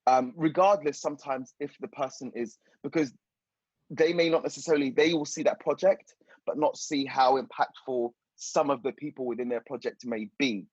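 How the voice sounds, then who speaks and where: A man's voice: mid-range voice, moderate pace, husky, no echo, muffled recording. A man speaking hesitantly in a casual podcast panel discussion, restarting his sentences often. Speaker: podcast guest, poet.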